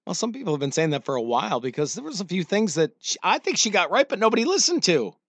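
A man's voice: high-pitched, big pitch swings, quick pace, a bit bright, no room sound. A man co-hosting a casual talk radio chat, wry and sarcastic. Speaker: radio co-host.

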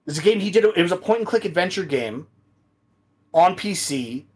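A man telling animated, laugh-filled stories as a guest in a casual podcast chat. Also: sits high, moderate pace, husky. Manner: animated storyteller, swears and laughs often.

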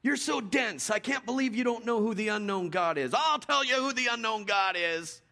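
A man voicing a scornful, ranting apostle who scolds his listeners, raising his voice well above his usual pitch. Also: moderate pace, creaky, heavily acted. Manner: shouting, exasperated scolding.

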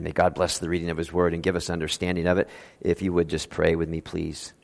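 A man's voice: low voice, little pitch movement, quick pace, gravelly, darkish tone. A man preaching a sermon as pastor in an earnest, conversational way. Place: church sanctuary. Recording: long reverb of a large church.

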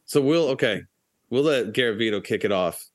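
A man's voice: mid-range voice, animated, normal speed. A man hosting a veterans' podcast, chatting casually and steering the talk with plenty of fillers. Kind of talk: casual chat.

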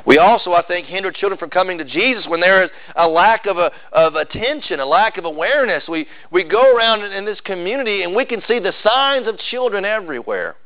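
Male pastor mid-sermon, slightly high voice, emphatic delivery, dull lo-fi recording. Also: a little fast, hardly any pauses. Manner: animated, acts out quoted voices, rises to loud emphasis.

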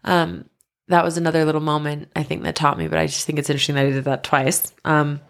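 A young woman hosting a podcast, telling a personal story in an animated way and acting out the lines of the people in it. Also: sits low, quick pace, gravelly. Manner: animated, quoting others in dialogue, breaks into laughs. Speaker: podcast host.

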